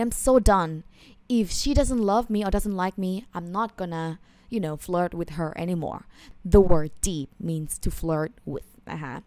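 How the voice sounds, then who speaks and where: Fast-talking woman teaching online. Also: on the low side, dark tone, no echo. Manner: explains patiently, sprinkling in Thai polite particles. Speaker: Thai language teacher. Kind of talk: online language lesson.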